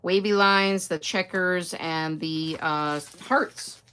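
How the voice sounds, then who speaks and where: A woman's voice: on the low side, steady tone, slow pace, few pauses, pushed and bright, clear, resonant tone. An older woman hosting a casual live stream, chatting away, greeting viewers by name and answering their comments. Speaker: host.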